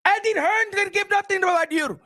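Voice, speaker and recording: A man impersonating a furious, rich male boxing promoter who shouts and swears as he scolds a fighter. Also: extremely high pitch, fairly quick, pitched above the performer's own voice.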